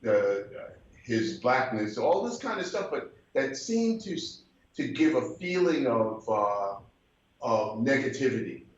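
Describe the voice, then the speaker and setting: Telling a story as a conversation guest, an older Brooklyn-born musician keeps mimicking the voices of people he mentions. He speaks unhurriedly in a mid-range, sing-song voice. Slight background noise accompanies the slightly muffled, roomy sound.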